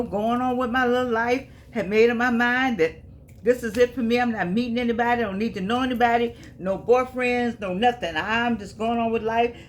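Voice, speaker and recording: An older woman in her late seventies tells her story straight to her viewers, her voice sitting somewhat high. She leans hard on her words and says them again and again, calling the listener honey and baby. A faint hum of noise runs underneath. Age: 70s. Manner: emphatic, repeats phrases, calls viewers honey and baby. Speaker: vlogger. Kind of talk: personal storytelling to camera.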